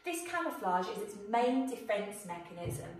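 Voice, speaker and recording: A woman teacher explaining a writing task to her pupils in a clear, questioning way, recorded for a video lesson. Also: mid-range voice, very animated, normal speed, far from the mic. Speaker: primary school teacher. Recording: echoey room, voice off-mic.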